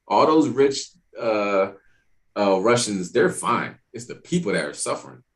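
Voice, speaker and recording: A man teaching an evening Bible class in a casual, streetwise way, talking in animated asides. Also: fairly low pitch, unhurried.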